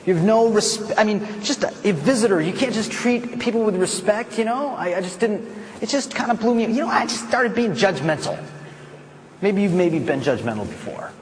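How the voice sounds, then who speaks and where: An American man giving a playful, animated storytelling talk at a conference. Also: high-pitched, normal speed, big-room sound, slight background noise. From United States. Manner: animated, playful, self-mocking. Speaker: conference speaker. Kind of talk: storytelling speech. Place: conference hall.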